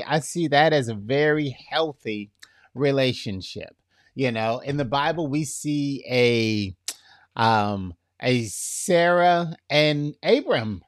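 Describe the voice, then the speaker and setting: A man gives a relaxed, conversational sermon, taking his time over each point. He keeps checking in with the congregation as he goes, and the recording is close and dry. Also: a little high, no echo. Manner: casual, checks in with "right?", acts out quotes. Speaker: preacher teaching on relationships.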